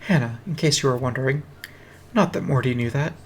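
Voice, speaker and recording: A man's voice: mid-range voice, fairly quick, husky. A man reading a fantasy fan story aloud on a stream, with a dry, wry delivery. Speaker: reader. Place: home streaming setup. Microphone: streaming mic.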